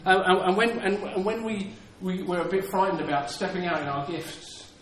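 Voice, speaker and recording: Earnest preacher in an echoey room. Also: male voice, sits high, normal speed. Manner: earnest, repeats words, acts out quoted lines. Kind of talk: sermon. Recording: echoey room with faint ambience.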